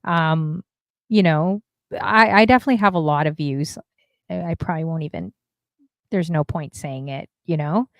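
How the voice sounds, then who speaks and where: A woman who is an interview host and DJ streamer runs a casual interview in a low voice at normal speed, with no echo. She talks in a chatty, rambling way, using lots of fillers and showing some exasperation.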